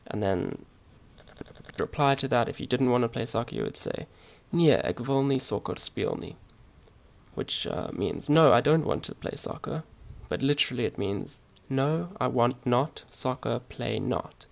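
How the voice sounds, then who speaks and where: Casual home-made language lesson: man, mid-pitched, gravelly, halting delivery. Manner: relaxed, hesitant, many fillers and restarts. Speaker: language teacher.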